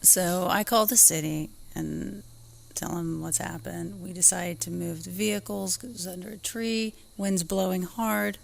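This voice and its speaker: A woman with a low, gravelly voice and an unhurried pace, chatting with her co-host. She tells a story in short bursts and laughs often. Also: steady tone. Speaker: podcast co-host. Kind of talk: casual chat, storytelling.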